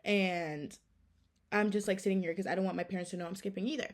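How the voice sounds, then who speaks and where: A woman's voice: mid-range voice, steady tone, quick pace, lightly acted. A woman quoting a nervous teenage girl. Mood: flustered. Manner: chatty, full of "like".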